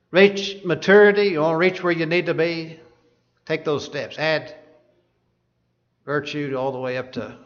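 A man preaches a sermon, reading scripture aloud and putting rhetorical questions to his listeners. His voice is a little high and a bit bright, in a dull lo-fi recording.

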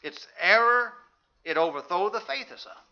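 A male preacher delivering a sermon with a high, very bright and sharp voice. He argues emphatically and rhetorically, reciting scripture in archaic wording. The recording is somewhat dull and lo-fi. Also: lively intonation, normal speed.

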